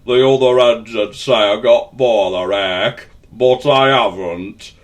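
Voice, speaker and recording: A man's voice: medium pitch, animated, very slow, fairly bright tone. A man doing a mournful big express engine. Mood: sorrowful. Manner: mournful, sighing. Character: big proud male express engine, gloomy and sorrowful.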